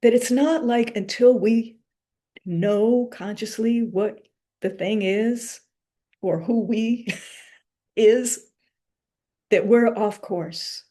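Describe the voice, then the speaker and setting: A woman gives a reflective spiritual lecture in a warm, mellow voice. She speaks unhurriedly and meditatively, letting pauses and soft asides settle between her thoughts. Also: fairly high pitch. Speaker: lecturer and author.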